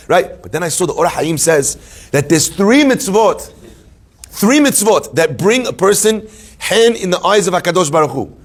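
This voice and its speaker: A man playing a rabbi teaching a live class, higher voice, lively and joking. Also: husky. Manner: animated, joking storyteller who asks questions. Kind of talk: Torah class before a live audience.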